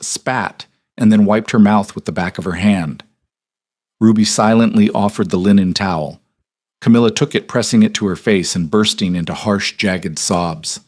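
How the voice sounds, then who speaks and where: A man reading a period romance story as scripted narration in a measured, unhurried way. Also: low voice, a little mellow.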